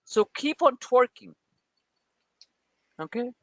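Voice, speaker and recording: A man hosting a livestream of market commentary, rambling and joking in an animated way. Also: extremely high pitch, slow, no room sound, highs cut off. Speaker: trading channel host.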